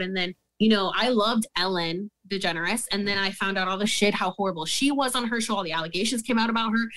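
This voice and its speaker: A woman's voice: fairly high pitch, a bit bright. A young woman telling a story in a casual interview, heated and profane, acting out quoted dialogue. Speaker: guest.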